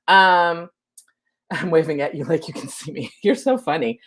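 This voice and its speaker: Low-voiced chatty woman in her forties. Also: slow, pauses often. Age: 40s. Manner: chatty, greets viewers by name. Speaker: live stream host. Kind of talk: casual live stream chat.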